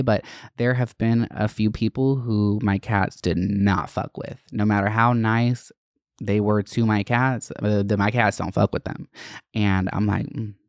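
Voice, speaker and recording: A woman's voice: rumbling low, a little mellow, dry recording, studio quality. A woman hosting a podcast in casual chat, rambling and swearing, with lots of "like" and "you know". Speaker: podcast host.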